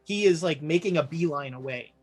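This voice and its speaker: A woman running a tabletop horror game as game master, laughing often and voicing townsfolk with big pitch jumps. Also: fairly quick, a little mellow, faint music behind.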